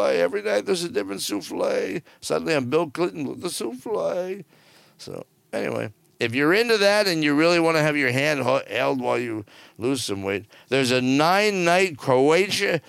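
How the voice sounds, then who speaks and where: Middle-aged guy riffing on cruise news, wry and sarcastic, gravelly voice, dry sound. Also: fairly high pitch, lively intonation, moderate pace, a bit bright, no echo. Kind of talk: casual news commentary. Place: on board a cruise ship.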